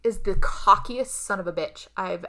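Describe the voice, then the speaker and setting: Animated woman podcast host, bright voice. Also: medium pitch, normal speed. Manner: animated, swears freely, acts out quotes. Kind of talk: casual movie recap.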